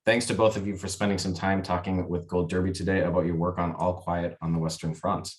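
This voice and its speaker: Deep-voiced male webchat host. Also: level tone, a little fast. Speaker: interviewer host. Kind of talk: webchat interview. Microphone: video call.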